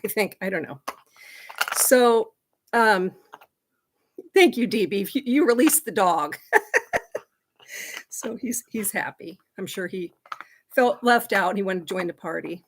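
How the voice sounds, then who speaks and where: A woman's voice: mid-range voice, a little hiss or hum. A middle-aged woman chats loosely on her own livestream. She laughs easily and keeps stopping to speak to her dog. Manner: chatty, laughing often, talking to her dog. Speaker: livestream host. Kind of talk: casual livestream chat.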